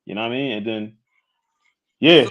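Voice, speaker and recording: A man in his late thirties talks openly on a podcast at a mid-range pitch, in a relaxed, candid way. His sound comes through a little dull and lo-fi, with the top end muffled. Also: normal speed. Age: 30s. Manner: candid, frequent "you know what I'm saying". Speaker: guest. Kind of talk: casual podcast chat.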